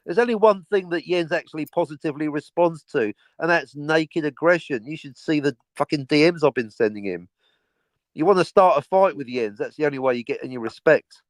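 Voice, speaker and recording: Abrasive high-voiced man. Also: fairly quick, dry recording. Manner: abrasive, mock-aggressive, sarcastic. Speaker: stream host. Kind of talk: casual profane banter.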